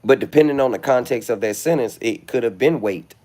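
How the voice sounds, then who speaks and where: A man's voice: medium pitch, a little fast, warm tone. A middle-aged man, rambling self-assuredly in a casual livestream monologue, with flashes of indignation. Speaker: livestream host.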